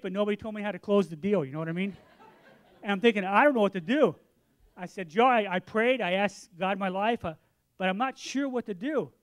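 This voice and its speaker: A man in his sixties preaching a sermon, telling a story with lively acted-out dialogue, then turning quiet and earnest for the lesson. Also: high-pitched. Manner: animated storytelling, acts out both sides of a conversation.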